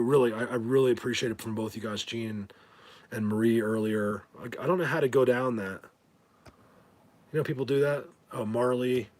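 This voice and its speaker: A man hosting a casual livestream, rambling and stammering as he thanks viewers, bothered by a whistling ringing in his ears. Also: medium pitch. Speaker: livestream host.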